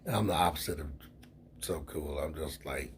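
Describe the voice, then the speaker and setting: A man hosting a casual livestream who drifts from topic to topic, gets heated, then trails off quietly. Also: very deep voice, moderate pace, a little hiss or hum. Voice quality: gravelly and very husky. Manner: rambling, drifts between topics. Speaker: livestream host.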